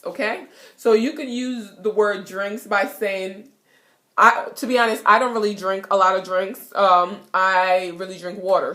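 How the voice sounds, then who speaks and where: A young woman with a Jamaican accent teaches a casual self-recorded lesson in her apartment. She is chatty and repeats every word and phrase slowly so it sinks in. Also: mid-range voice. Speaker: language teacher vlogger. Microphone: self-recorded camera.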